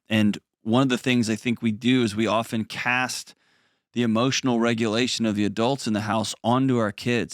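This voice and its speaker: A man's voice: medium pitch, steady tone, normal speed, no room sound, clean studio sound. A man hosting a podcast, responding enthusiastically and emphatically to his guest. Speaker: podcast host. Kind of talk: casual chat.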